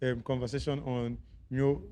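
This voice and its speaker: A man's voice: mid-range voice, level tone, normal speed, dark tone. A Nigerian man hosting a podcast chat and steering the talk toward a close. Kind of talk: casual chat.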